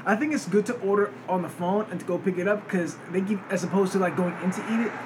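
High-voiced bantering man, noisy recording. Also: fast talker. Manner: storytelling banter, laughs along. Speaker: podcast co-host. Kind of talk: casual chat. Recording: noisy background.

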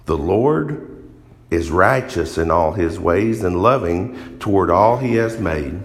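A man's voice: low voice, expressive, slow pace. A man preaching a sermon in a church hall, earnest and emphatic, drawing out phrases as he reads scripture.

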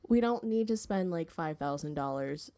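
A woman's voice: low-pitched, lively intonation, normal speed, warm tone. A woman in her twenties, co-hosting a podcast in casual chat, filling her talk with "like" and laughing often. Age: 20s. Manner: chatty, fills speech with "like", laughs often. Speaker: podcast co-host.

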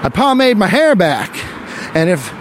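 A man's voice: high voice, big pitch swings, unhurried, a little hiss or hum. A man playing a swaggering, brutish 1920s dapper man who talks in clipped tough-guy patter.

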